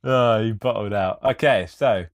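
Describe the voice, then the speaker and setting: Young male co-host, low voice, easygoing swearing, dry sound. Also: measured pace, dry recording. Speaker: podcast co-host. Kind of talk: casual livestream chat.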